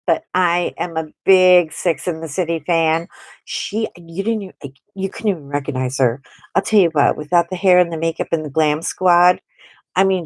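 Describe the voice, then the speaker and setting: A woman's voice: on the low side, no room sound. Chatty woman telling a story. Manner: animated, chatty, acts out quotes. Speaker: host. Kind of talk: casual storytelling while drawing on a livestream.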